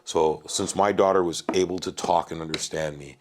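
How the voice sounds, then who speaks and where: A man telling family stories in a casual chat, animated, acting out his kids' lines and often calling the listener "bro.". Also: sits low, moderate pace, noisy background. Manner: animated, swears, says "bro" a lot. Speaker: podcast guest. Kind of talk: casual storytelling.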